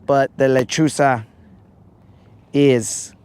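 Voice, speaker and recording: A man hosting a live fishing stream, chatting casually and teasing his viewers in a joking, drawn-out way. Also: medium pitch, fairly even intonation, darkish tone, smooth. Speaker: fishing livestream host.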